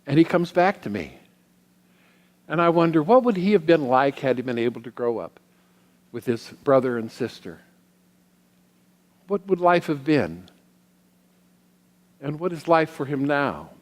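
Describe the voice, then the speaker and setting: A middle-aged man giving a sermon as a guest minister. He tells personal stories in a reflective way, with pauses. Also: fairly high pitch, lively intonation. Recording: long hall reverb.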